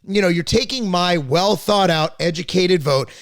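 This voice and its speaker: A man with a gravelly, fairly high voice hosts a podcast in casual, opinionated talk. He rambles bluntly, repeats words as he restarts, and drops the odd swear. The recording is dry and close. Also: moderate pace, dry recording. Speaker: podcast host. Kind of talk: casual political chat.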